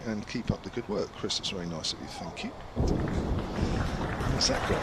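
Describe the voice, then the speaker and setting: A man commentating ball by ball on a cricket match, excitable, his voice leaping up when wickets fall. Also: on the low side, a little fast, long pauses. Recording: loud crowd and outdoor noise behind.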